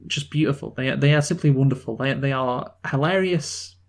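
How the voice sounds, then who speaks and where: A man from the North of England co-hosting a film review podcast, talking enthusiastically and rambling with halting restarts. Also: medium pitch. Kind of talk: casual film discussion.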